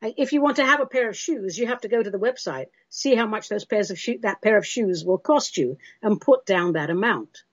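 British woman, talk-show host, breathy husky voice, muffled lo-fi sound, chatty and theatrical with listeners. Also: medium pitch, lively intonation, a little fast, hardly any pauses, no room sound. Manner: chatty and theatrical, calls listeners love and darling. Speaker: host answering listener questions. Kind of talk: spiritual call-in talk show.

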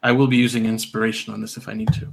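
A man's voice: fairly low pitch, little pitch movement, very fast, creaky. A man playing a tabletop game, chatting casually in a rambling way. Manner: rambling, laughs often. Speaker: player.

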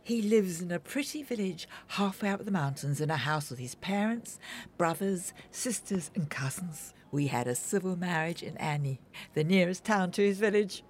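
Woman acting older film star, theatrical, gushing, lowish voice, very lively pitch. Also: moderate pace, slight background noise, natural voice. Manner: dramatic, gushing, swings between sharp and tender. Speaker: actress.

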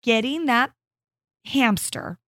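A woman in her thirties co-hosting a casual chat podcast, telling lively stories and acting out what people said. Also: fairly high pitch, slow pace, dry recording, clean studio sound. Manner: animated storyteller, acts out quotes. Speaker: podcast co-host.

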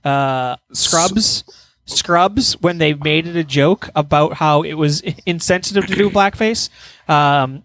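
A man's voice: a little high, a bit bright, dry recording. A man co-hosting a podcast, rambling and teasing, with casual swearing. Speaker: podcast co-host. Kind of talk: casual chat.

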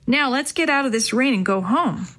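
A woman voicing a steady, practical young boy, matter-of-fact, in a storybook reading. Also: sits high, moderate pace. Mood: calm.

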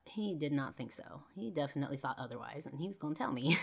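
A woman's voice: deep voice, lively intonation, fast talker, gravelly, husky. A woman hosting a podcast, candidly telling a personal story with lots of fillers and swearing. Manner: candid, profane, full of fillers; heated when reliving arguments. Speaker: podcast host.

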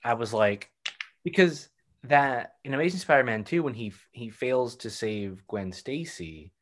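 A man's voice: medium pitch, lively intonation, measured pace, fairly bright tone. A man in casual chat who rambles, trails off and searches for words.

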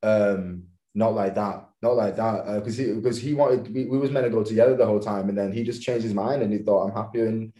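A professional dancer in his thirties from England, guesting on a podcast, chats casually about his life in dance. His low voice moves fairly quickly with hardly any pauses, the room echoes behind him, and he laughs often, relaxed and easygoing.

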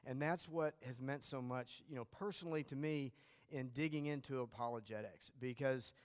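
A male class teacher with a mid-range voice, telling stories in a relaxed, self-deprecating way. His talk is casual and anecdotal. A long hall reverb follows his words. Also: medium pitch, normal speed.

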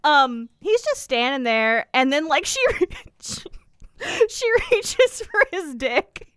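A woman's voice: high voice, big pitch swings, slow, fairly bright tone, no room sound, studio quality. A woman co-hosting a casual podcast, recapping a TV show and acting out the characters' lines with lots of laughter. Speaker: podcast co-host.

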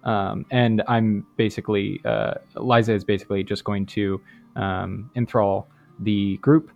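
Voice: sits low, steady tone, measured pace, gravelly, phone-quality sound. Stammering, mock-grand bard player. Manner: stammering, playfully pompous. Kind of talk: in-character tabletop role-play.

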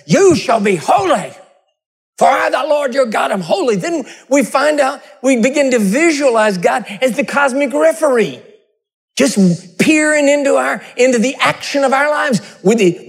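A man preaching a sermon, telling funny stories in a conversational way. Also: extremely high pitch. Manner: humorous storytelling, conversational.

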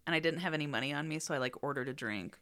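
A woman's voice: sits low, rapid-fire, fairly bright tone. A woman in a casual chat, telling stories animatedly, swearing freely and saying "like" and "dude" a lot.

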